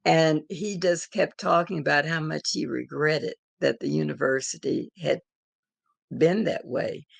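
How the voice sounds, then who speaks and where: An older woman telling a personal story in an interview, in a measured, reflective way. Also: sits low, steady tone, creaky, husky, no room sound. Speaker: interviewed elder.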